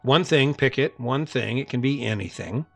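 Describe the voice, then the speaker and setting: A man's voice: medium pitch, moderate pace, vocal fry, dry recording, soft background music. A middle-aged man hosting a podcast, giving an earnest, coaxing motivational talk that keeps repeating the same challenge to his listeners. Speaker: podcast host. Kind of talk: motivational monologue.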